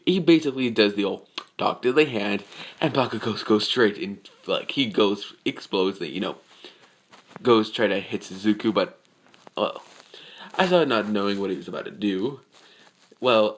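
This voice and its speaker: A man with a fairly low voice casually retelling a fan scenario. He rambles, restarts, and leans on "like" and "you know" as he goes. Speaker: storyteller.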